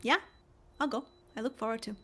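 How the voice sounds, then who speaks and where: A woman's voice: fairly high pitch, brisk, a bit bright, slightly rough. A woman playing a tabletop game, asking hesitant questions with a giggly manner. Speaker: player.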